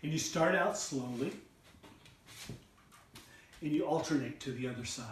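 A man's voice: a little high, animated, normal speed, pauses often, a little hiss or hum. A middle-aged man teaching body percussion in an online lesson, coaxing listeners to join in and chanting rhythm syllables. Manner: encouraging, coaxing call-and-response. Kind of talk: online music lesson for children. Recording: roomy sound, mic at a distance.

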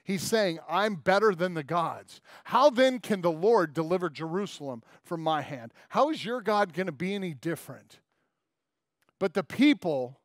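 Animated storytelling male pastor. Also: high-pitched, a little slow, dry recording, studio quality. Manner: storytelling, acting out quotes in character voices. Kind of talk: sermon.

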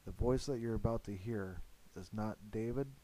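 A man narrating a paranormal investigation in an earnest, steady voice-over, with frequent fillers. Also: fairly low pitch, moderate pace, poor audio.

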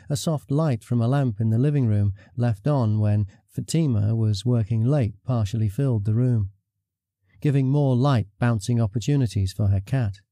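Man narrating with a very dark voice. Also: medium pitch, dry recording, clean studio sound. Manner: measured, even storytelling. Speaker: audiobook narrator. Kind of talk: scripted story narration.

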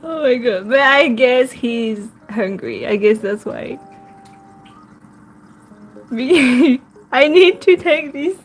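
High lively woman coaxing her pet. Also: slow pace, long pauses, a little hiss or hum. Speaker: pet vlogger. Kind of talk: casual pet vlog narration.

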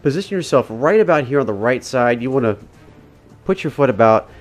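Man, mid-pitch, relaxed walkthrough narration over faint game music. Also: brisk. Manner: casual, instructive, talks the viewer through each step. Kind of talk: gameplay commentary voice-over.

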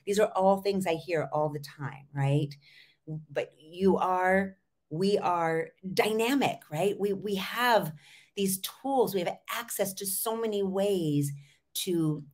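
Hosting a solo podcast, a middle-aged woman who works as a voice coach talks with animation and emphasis, frequently breaking off into asides. Her voice is mid-range.

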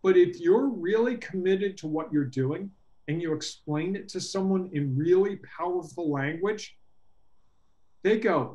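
A middle-aged man coaching entrepreneurs in a casual workshop talk, earnest and animated, acting out quoted dialogue. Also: high voice, unhurried. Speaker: workshop presenter and business coach.

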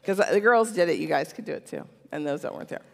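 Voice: medium pitch, expressive, fast talker, creaky. A church speaker giving a casual teaching talk, conversational and often checking in with "okay?". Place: church sanctuary. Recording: long church hall reverb.

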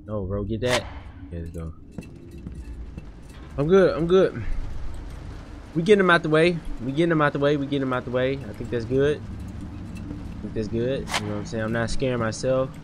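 A man giving slangy, excitable live commentary on a horror game as a gaming streamer. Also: mid-range voice, normal speed, pauses often, background noise. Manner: excitable, slangy, yelling when startled.

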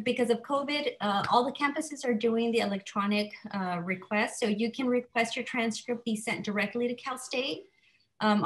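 A woman's voice: a little high, a bit bright, poor audio. A woman hosting an online college info session, upbeat and encouraging as she answers questions. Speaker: event host.

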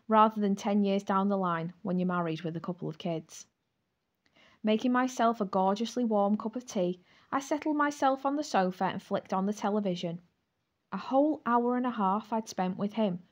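Female narrator, mid-range voice, wry expressive read of a first-person novel. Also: medium pitch. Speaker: audiobook narrator.

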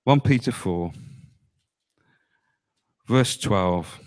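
A male pastor preaching a sermon, emphatic, often dropping low on key words and asking the congregation rhetorical questions. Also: animated, extremely slow, darkish tone.

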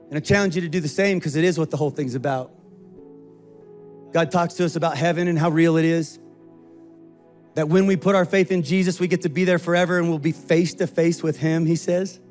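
High-pitched guy pastor preaching easter, acts out the voices, faint music in the back. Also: brisk, long pauses. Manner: animated, acts out quoted voices. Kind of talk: sermon.

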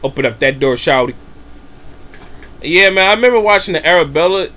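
A man's voice: on the high side, lively intonation, fairly quick, sharp tone. A man giving casual gameplay commentary, rambling in crude, joking slang. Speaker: let's play commentator.

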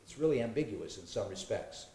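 A man's voice: fairly low pitch, lively intonation, brisk, dark tone. Guy at a bible study, reads verses then muses, lots of uhs, echoey room. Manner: reads scripture aloud, hesitant with fillers, jokes and laughs. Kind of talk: casual Bible study discussion.

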